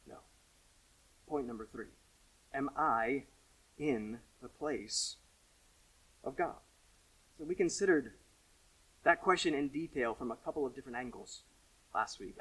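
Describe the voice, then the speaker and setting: A pastor giving a sermon, earnest, rising to emphatic questions and falling to quiet asides. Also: male voice, medium pitch, husky, far from the mic, rough recording.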